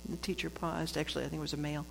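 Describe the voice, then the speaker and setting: Gravelly low-voiced woman in a reverberant hall. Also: level tone, racing. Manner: conversational, laughs often, frequent restarts. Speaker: speaker sharing a book's lessons on forgiveness. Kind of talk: reflective spiritual talk. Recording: long hall reverb with faint noise.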